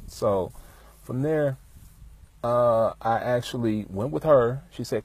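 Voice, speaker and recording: A man talking outdoors in a relaxed, rambling way, passing on music industry advice full of fillers. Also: medium pitch, moderate pace, slightly rough. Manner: laid-back, rambling, many fillers. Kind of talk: casual storytelling monologue. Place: outdoors, with bees around.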